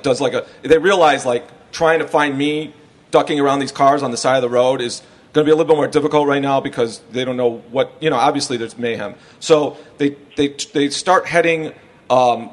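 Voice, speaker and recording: A man guesting on a podcast, telling a wild story in a rambling, profane way and often laughing through it. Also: fairly high pitch. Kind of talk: casual storytelling.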